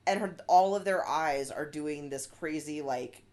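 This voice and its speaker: A woman in her thirties co-hosting a podcast, retelling film scenes in a casual, animated way with lots of fillers. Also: low-pitched, a little slow. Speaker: podcast co-host. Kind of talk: casual chat.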